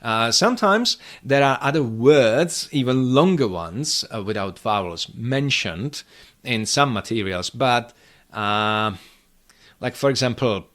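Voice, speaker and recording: A man who speaks as his gives a pronunciation lesson at an unhurried pace. He breaks sounds into pieces and repeats them slowly, with a mid-range pitch and a dry, understated sense of humor. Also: expressive, fairly bright tone. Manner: demonstrates sounds by slow repetition, dry humor. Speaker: Czech language teacher.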